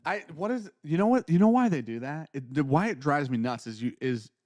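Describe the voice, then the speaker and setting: A man co-hosting a casual talk stream, animated and acting out the people in his stories. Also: a little high, a little fast, dry recording, studio quality. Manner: animated storyteller, acts out quotes. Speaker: podcast co-host. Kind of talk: casual chat.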